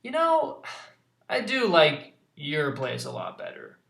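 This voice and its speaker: A man voicing a chaotic, cheerful young female shapeshifter sidekick in an excitable, gushing way. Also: fairly high pitch, takes it slowly, creaky, heavily acted. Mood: eager. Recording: roomy echo.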